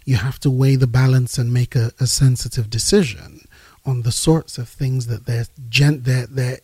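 A male host with a husky, mellow voice makes an earnest point about parenting. He circles back and repeats words as he builds it, recorded close and dry. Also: mid-range voice, fairly even intonation, normal speed, no echo. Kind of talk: faith-based parenting talk.

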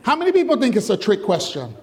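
A man's voice: high voice, huge pitch swings, quick pace. A man preaching an interactive sermon to a congregation, chatty and jokey, asking questions and teasing the room. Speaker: pastor. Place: church hall with congregation.

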